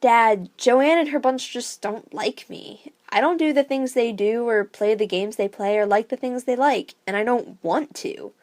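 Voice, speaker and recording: A woman's voice: a little high, unhurried, hardly any pauses, darkish tone, natural voice. A woman reading the lines of a bullied young girl in her own voice, earnest and frustrated. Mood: upset.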